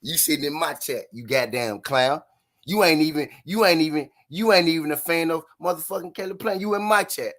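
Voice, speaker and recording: A man's voice: fairly high pitch, a little fast, a bit bright. A man from Memphis, Tennessee, hosting a live stream and taunting his chat with mocking, repeated jabs and frequent laughter.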